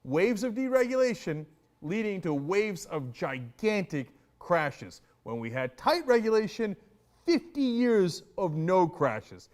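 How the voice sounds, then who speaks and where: A man giving animated, sarcastic political commentary and mocking the people he discusses. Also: high-pitched, slow pace. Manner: mimics others in exaggerated voices.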